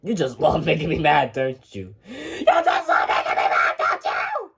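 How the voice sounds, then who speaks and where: A performer voicing a short-tempered frog customer who shouts indignant complaints. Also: medium pitch, lively intonation, normal speed, gravelly, far from the mic, voice pushed down. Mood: angry.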